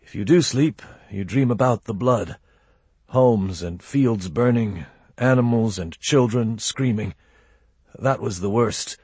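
A haunted war veteran, played by a man reading aloud, husky and guarded, whose short answers hold back old pain. The voice is low and close, with a dry sound. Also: slow pace, warm tone, no room sound. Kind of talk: audiobook character voice.

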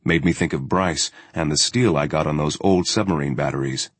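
A man reading a first-person journal story in a steady, matter-of-fact way. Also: a bass voice, moderate pace, husky, no echo. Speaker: audiobook narrator.

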